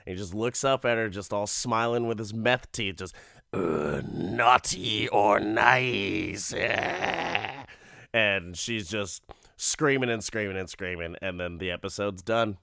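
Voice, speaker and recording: A man's voice: lowish voice, moderate pace, a bit bright, smooth, no echo, clean studio sound. Rambling, profane male podcast host. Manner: rambling, profane, amused storytelling with frequent laughs. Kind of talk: casual comedic episode recap.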